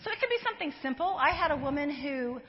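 A woman counselor giving a conversational talk to a live audience, animated and given to acting out the remarks she quotes. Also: high-pitched, fast talker. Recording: dull lo-fi sound, long hall reverb.

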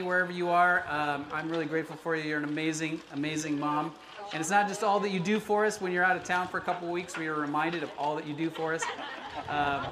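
High-voiced pastor in an echoey church. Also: male voice. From United States. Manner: chatty, personal, self-deprecating. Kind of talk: conversational sermon. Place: church sanctuary. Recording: echoey room with background noise.

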